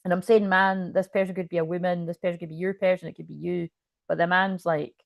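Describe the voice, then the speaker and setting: A woman's voice: lowish voice, flat delivery, fast, creaky, no echo. Rambling, swearing woman tarot reader. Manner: rambling, swears freely, many fillers. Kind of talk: casual channeled reading.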